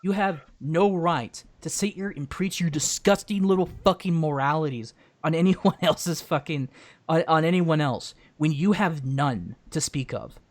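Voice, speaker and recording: A man's voice: fairly high pitch, unhurried. A man hosting a stream, angrily berating someone over a voice call with profane insults. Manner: angry, profane, berating ranting. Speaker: stream host. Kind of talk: heated voice-call stream argument.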